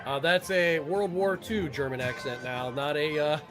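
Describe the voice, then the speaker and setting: A man hosting a livestream and giving casual gameplay commentary, excitable and joking, swearing at the game now and then. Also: a little high, normal speed, over music. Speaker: livestream gamer host.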